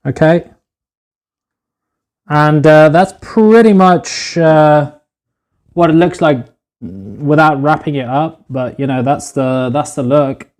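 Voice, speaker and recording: A man cooks in a home kitchen while live-streaming on his phone, talking casually, swearing a lot and calling his audience "boys." He speaks slowly with frequent pauses, in a slightly mellow voice on the high side.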